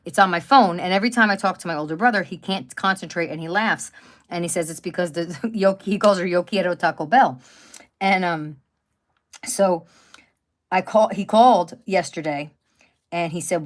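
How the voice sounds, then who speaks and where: 50s lady rambling on a home livestream, kinda low voice, lots of ums. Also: normal speed. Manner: rambling storytelling, many restarts and fillers. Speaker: craft channel host. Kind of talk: casual live-stream chat. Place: at home by a wood stove.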